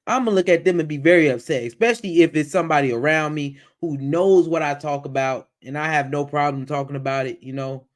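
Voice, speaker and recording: A man's voice: on the high side, fairly quick, hardly any pauses. A man hosting a livestream who reacts to a video in casual, exasperated commentary. He talks in a way, repeats phrases and mocks the voices he quotes.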